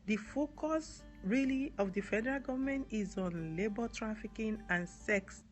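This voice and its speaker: This advocate, a woman from Nigeria, live-streams to viewers and responds to their comments with earnest speech in a Nigerian accent. Her voice is on the high side at a moderate pace, with soft music behind her, and she repeats important words and spells some of them out.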